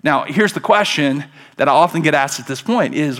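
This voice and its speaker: A man, a pastor, preaching a conversational sermon at a church service, moving from quiet asides to emphatic calls. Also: on the high side, lively intonation, normal speed.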